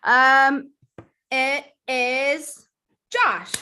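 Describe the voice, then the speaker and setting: A woman's voice: high-pitched, very slow, bright, forceful tone, clean tone. A woman guest-hosting a casual online trivia game, laughing often as she reads out clues. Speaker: guest game show host.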